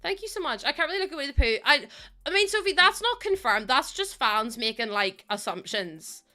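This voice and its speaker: A woman's voice: high-pitched, very animated, brisk, pushed and bright, soft background music. A young adult woman live streaming, chatting casually with her viewers in a giggly, gushing and emotional way.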